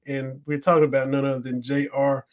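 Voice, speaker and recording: A man's voice: medium pitch, level tone, brisk. A man hosting a casual podcast chat, easygoing in manner, introducing his guest with enthusiasm. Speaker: podcast host.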